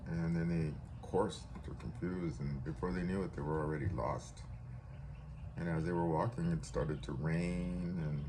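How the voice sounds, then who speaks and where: A man's voice: low-pitched, gravelly, noisy background. A man from California telling a story casually, loose and rambling with self-corrections.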